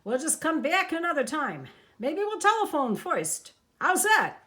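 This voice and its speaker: A woman's voice: sits high, big pitch swings, a little slow, a bit bright, voice pushed up, full character voice. A theatrical, wheedling showman of a man, put on by a woman reading a storybook aloud. His sing-song voice climbs a little above the reader's own and swings widely as he coaxes and gushes. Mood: cajoling. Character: flamboyant, fast-talking male showman, wheedling.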